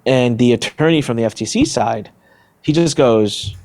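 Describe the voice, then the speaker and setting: Animated man telling a story. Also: medium pitch, brisk. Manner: animated, acts out voices in his story. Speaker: interview guest, entrepreneur. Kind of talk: storytelling in a podcast interview.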